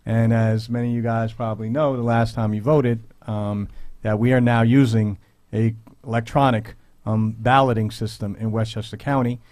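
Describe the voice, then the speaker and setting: A man hosting a radio talk show, speaking in a measured, earnest way with frequent pauses and "um"s. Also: medium pitch, level tone, a little mellow, no room sound. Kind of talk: radio commentary. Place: radio studio.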